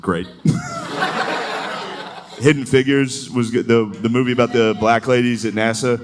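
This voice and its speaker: A man's voice: mid-range voice, wildly swooping pitch, slow. A man doing a stand-up comedy set before a live audience, talking in a loose, rambling way full of filler words. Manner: loose, rambling delivery with many filler likes. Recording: live show with crowd laughter. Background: audience laughter.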